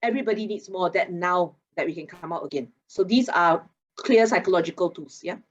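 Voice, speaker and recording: A woman talks through a video call and drops casual particles into her sentences. Her voice is a little husky, and the audio sounds dull and muffled. She speaks in an animated, playful way, teasing her listeners as she teaches. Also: fairly low pitch, brisk. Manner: animated, chatty, teasing, with local particles like lah. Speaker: guest speaker on mental wellness. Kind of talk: lively expert talk in an online masterclass.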